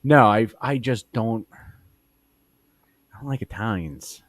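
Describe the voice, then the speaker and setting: Profane rambling man, low dry voice. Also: expressive, slow, dry recording. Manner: profane, rambling storyteller, trails off mid-sentence. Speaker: podcast co-host. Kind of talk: crude casual banter.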